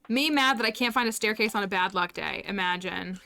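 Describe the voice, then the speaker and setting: A woman's voice: medium pitch, brisk, gravelly, bright, forceful tone, faint music behind. A woman chatting casually to viewers while streaming a farming game, giggly and talkative. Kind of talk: casual live-stream chat while gaming.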